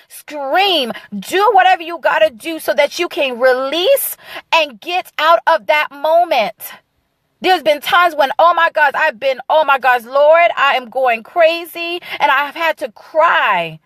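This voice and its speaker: A woman's voice: high voice, dry recording. A woman preaching an emotional, fervent sermon in an emphatic, repetitive cadence. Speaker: speaker of a ministry. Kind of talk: impassioned sermon-style encouragement.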